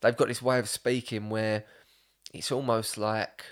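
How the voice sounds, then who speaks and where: A man's voice: lowish voice, little pitch movement, unhurried. A young man, hosting a casual podcast chat, rambling through stories with lots of swearing and laughter. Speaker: podcast host.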